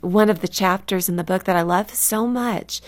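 A woman from California, a guest author speaking earnestly and reflectively in a faith radio interview, slowing down to stress key words. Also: medium pitch. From California, USA.

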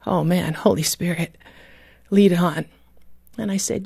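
A woman guest author telling a moving story in a radio interview, vivid and heartfelt, dropping to a hush at key moments. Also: lowish voice, fairly even intonation, unhurried, gravelly, long pauses, slightly rough, no echo, studio quality.

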